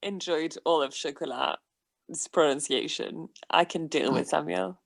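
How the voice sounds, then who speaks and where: A woman's voice: low-pitched, a little slow, gravelly. A woman chatting casually on a live stream, giggly and teasing. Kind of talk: casual chat.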